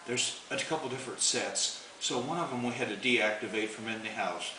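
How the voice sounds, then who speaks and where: A man with a medium-pitched, sharp-toned voice talks a little fast as he rambles through a long folksy story, chuckling. The home recording is noisy, roomy, and distant.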